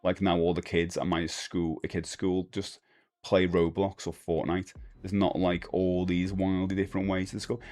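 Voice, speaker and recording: A man's voice: low voice, flat delivery, normal speed, a little mellow. A middle-aged man hosting a live stream, rambling casually and answering chat comments. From United Kingdom.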